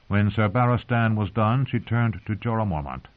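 A man narrating an audiobook in a measured, calm reading, heard through narrow phone-like sound. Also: fairly low pitch.

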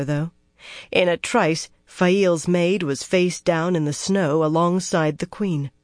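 An audiobook narrator giving a steady, measured reading of fantasy prose. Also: medium pitch, dry recording, clean studio sound.

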